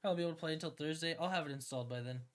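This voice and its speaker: A streamer chatting casually with viewers on a live stream, slangy and excitable, swearing often and laughing a lot. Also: mid-range voice, racing. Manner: slangy, swears a lot, keeps saying "bro". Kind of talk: casual livestream chat with viewers.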